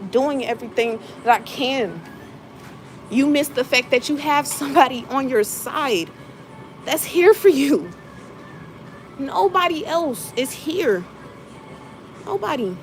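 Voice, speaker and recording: Woman vlogger, emotional confessional rant, hurt and rambling; noisy recording. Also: on the high side. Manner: hurt, rambling, frequent fillers. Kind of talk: emotional venting to viewers.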